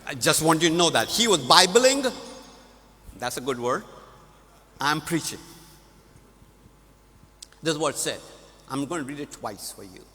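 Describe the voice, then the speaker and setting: Guy preaching at a conference, lively storyteller, bright sharp voice, big reverb. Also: fairly high pitch, unhurried, pauses often. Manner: animated storyteller, laughs at his own story. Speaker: conference speaker. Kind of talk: storytelling sermon. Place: large conference hall. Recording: echoey hall.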